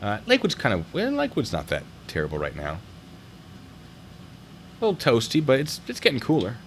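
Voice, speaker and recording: A man's voice: medium pitch, wildly swooping pitch, fairly quick, a little hiss or hum. A man hosting a video review show, talking casually and wandering into jokey tangents. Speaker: host reviewing traffic stop videos.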